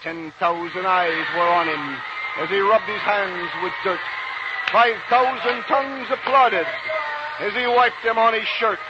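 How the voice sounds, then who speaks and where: A man recites verse in a grand declamatory style, rising to shouts and dropping to somber hushes. His voice sits high. Loud hiss and a dull, narrow sound mark an old radio recording. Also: unhurried.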